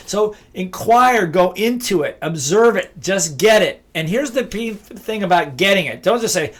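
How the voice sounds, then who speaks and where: A middle-aged man teaches in a high-pitched voice. He is emphatic and keeps repeating his key phrases. He acts out both sides of short dialogues to make his points. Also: expressive, normal speed, hardly any pauses. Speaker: business speaker and trainer. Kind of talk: motivational teaching talk.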